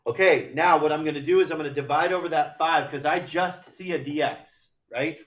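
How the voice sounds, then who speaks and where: A man's voice: on the high side, steady tone, moderate pace, fairly bright tone. A man teaching a math class, working problems aloud in a chatty, joking way. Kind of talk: classroom lecture. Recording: echoey classroom from far off.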